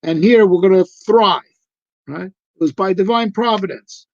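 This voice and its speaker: A man's voice: high-pitched, normal speed, dry recording. A male rabbi giving a live, conversational discourse on Torah, emphatic and full of rhetorical questions. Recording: dull lo-fi recording.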